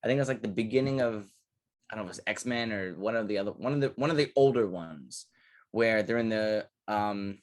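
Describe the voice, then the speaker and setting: A young man co-hosting a podcast, talking casually and rambling through profane, animated stories. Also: on the low side, fairly quick. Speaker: podcast co-host. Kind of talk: casual chat.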